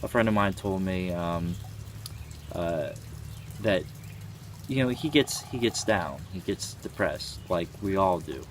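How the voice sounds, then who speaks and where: A young man in his twenties talks through his thoughts in a somewhat low voice. He sounds earnest and often pauses or hesitates as he works out what he wants to say. A faint hiss of background noise sits under the recording. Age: 20s. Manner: earnest, thinking aloud with frequent hesitations. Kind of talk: reflective personal monologue.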